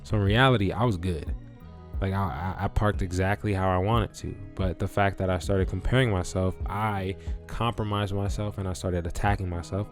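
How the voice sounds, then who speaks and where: Deep-voiced man telling a casual story. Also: fairly even intonation, normal speed, soft background music. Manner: loose, cursing, storytelling with acted-out reactions. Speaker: vlogger. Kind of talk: casual talk to camera.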